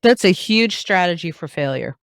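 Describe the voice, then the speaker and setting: A woman hosting a podcast in casual conversation, animated, laughing often and acting out what others say. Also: on the low side, moderate pace, no room sound, clean studio sound. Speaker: podcast host.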